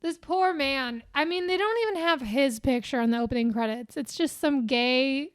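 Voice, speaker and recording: A woman's voice: high-pitched, normal speed, dry recording, studio quality. A young woman co-hosting a podcast, teasing her co-host with crude jokes in casual chat.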